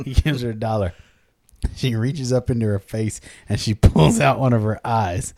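A man's voice: a little slow, long pauses, darkish tone. A man telling a long dirty joke among friends, acting out the characters with shifting voices. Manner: acts out characters with high squeals and low mumbles.

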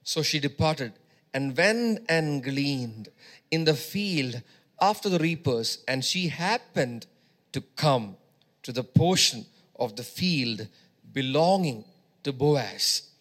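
A man's voice: mid-range voice, lively intonation, takes it slowly, fairly bright tone. A male preacher giving a sermon, emphatic, repeating phrases and urging his congregation on.

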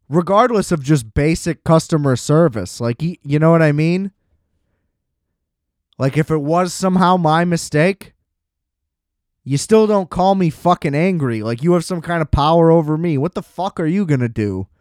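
On a clean, echo-free studio track, a male podcast host goes on a casual, exasperated rant laced with swearing. He speaks at a normal speed in an animated, higher-leaning voice with a slightly dark tone.

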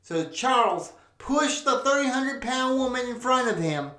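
A woman's voice: on the high side, expressive, measured pace, a bit bright. A woman hosting a podcast, telling a crude comic story full of swearing and rambling asides. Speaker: podcast host. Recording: roomy echo.

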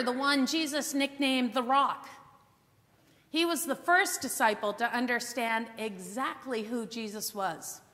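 High, bright woman preaching slowly. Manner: expressive storytelling with dramatic pauses. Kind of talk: Bible teaching sermon. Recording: long hall reverb.

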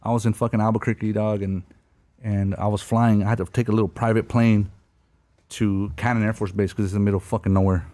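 Fast-talking, with a lowish, dark voice and a level tone, a thirty-something podcast guest swaps war stories in casual chat. He leans heavily on slang and profanity and laughs along the way.

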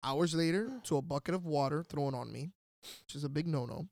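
A man telling a wild story in casual chat, animated and swearing, shouting out the lines he quotes. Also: fairly high pitch, a little fast, vocal fry, no room sound, clean studio sound. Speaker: podcast guest storyteller.

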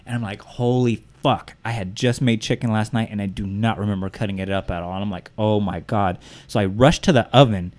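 A man's voice: on the low side, fast, darkish tone. A man in his thirties telling a story in casual chat, acting out quotes and swearing freely. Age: 30s. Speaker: podcast co-host.

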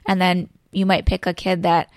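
A woman's voice: lowish voice, level tone, moderate pace, dry recording, studio quality. Chatty woman teacher explaining. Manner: explains step by step, many fillers like "so, like". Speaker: elementary school teacher. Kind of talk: casual podcast chat.

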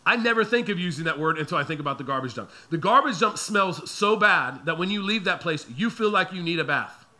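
A male pastor in his thirties preaching to his church, with a very bright, ringing voice that sits slightly high. He tells stories with animation and acts out the voices of the people in them. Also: lively intonation, brisk, hardly any pauses. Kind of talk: storytelling sermon.

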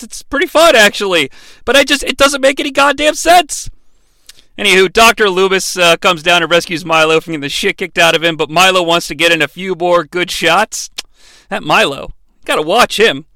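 A man's voice: high voice, creaky, bright, forceful tone, dry recording. A man hosting a comedic bad-movie review, talking in a sarcastic, rambling way full of swearing.

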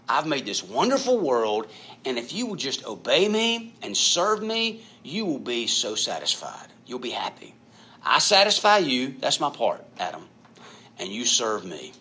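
A man's voice: mid-range voice, wildly swooping pitch, unhurried, bright, forceful tone, a little hiss or hum, exaggerated voice. A man voicing God, speaking to Adam in a generous, emphatic, promising way.

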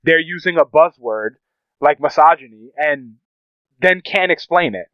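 A man with a slightly high, smooth, resonant voice rambles through a casual podcast chat, swearing freely. The sound is dry and a bit dull, like a lo-fi home setup. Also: a little slow, no echo. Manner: profane, rambling, animated storyteller. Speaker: podcast co-host.

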